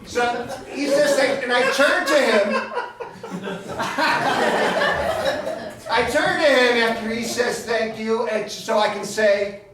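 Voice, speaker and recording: A man with a high voice performs a chatty, self-mocking comic monologue on a small theater stage. He wanders off on dry asides as he tells the story. He is picked up from far across a very echoey room, with clear noise underneath. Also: slow pace, pauses often. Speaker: solo performer. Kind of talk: live stand-up storytelling monologue.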